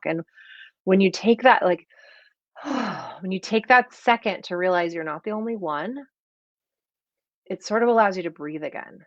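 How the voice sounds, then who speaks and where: A woman, a performance coach talking casually to an online audience in a chatty, animated way that slips into acted-out quoted voices. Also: medium pitch, moderate pace, pauses often, no echo. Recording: dry, slightly dull lo-fi sound.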